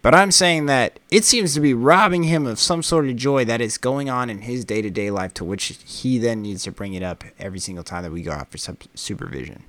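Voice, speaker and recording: A man's voice: mid-range voice, a little fast, hardly any pauses, a bit bright, dry recording. A man co-hosting a casual podcast, ranting in a heated way and swearing freely. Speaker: podcast co-host.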